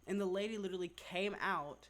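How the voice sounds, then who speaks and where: A vlogger telling a story in casual storytime-vlog chat, rambling and animated, packing in "like" constantly. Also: mid-range voice, fairly quick. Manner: rambling, filler-heavy, says "like" constantly; chatty, animated retelling.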